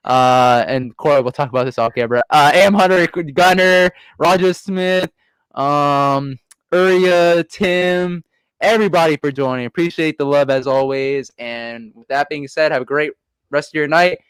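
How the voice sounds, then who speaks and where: Smooth-voiced man hosting a sports stream. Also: a little high, moderate pace, no echo, clean studio sound. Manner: chatty, upbeat sign-offs. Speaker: host. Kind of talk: casual sports talk stream.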